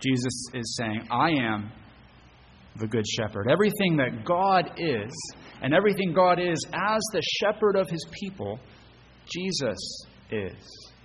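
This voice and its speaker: A man's voice: fairly high pitch, very animated, a little slow, long reverb tail, slight background noise, rough recording. A man preaching a sermon as pastor. He speaks earnestly, poses rhetorical questions and often repeats words as he rephrases. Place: church sanctuary.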